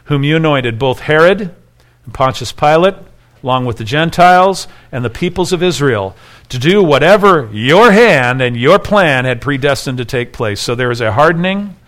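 A man's voice: a little high, expressive, moderate pace, fairly bright tone. A man preaching an expository sermon, reading scripture aloud and explaining it, rising in intensity when he voices the people in the text. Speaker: pastor.

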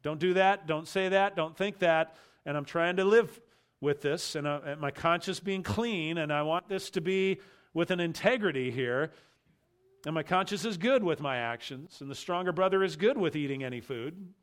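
A man preaching an expository sermon, emphatic, repeating key phrases and slowing down to stress them. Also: a little high, animated. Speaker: pastor.

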